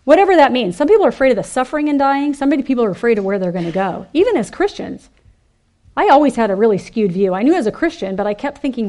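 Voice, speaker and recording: Woman preaching to a ladies' group, kinda high voice, animated and emphatic. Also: fast. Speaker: speaker at a women's ministry event. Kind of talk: sermon.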